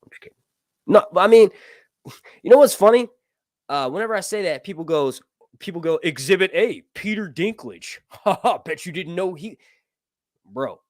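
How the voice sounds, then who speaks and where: Man, early thirties, stream host, casual rambling talk, swears a lot, highish lively voice, dry close sound. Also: moderate pace, pauses often, no echo. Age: 30s. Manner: rambling, profane and joking, loses his train of thought. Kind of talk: casual live-stream chat.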